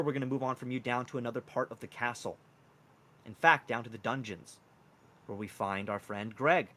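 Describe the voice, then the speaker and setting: A man's voice: fairly low pitch, a bit bright. A man narrating a tabletop game as game master, describing scenes casually.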